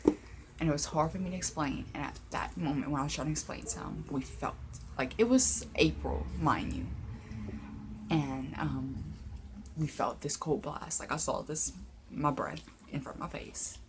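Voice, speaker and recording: A young woman with a low, dark voice tells a personal story on her vlog, halting and close to tears, stumbling over her words. Faint hiss sits under the recording. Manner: emotional, halting, many fillers and restarts. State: tearful, near crying. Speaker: paranormal vlogger.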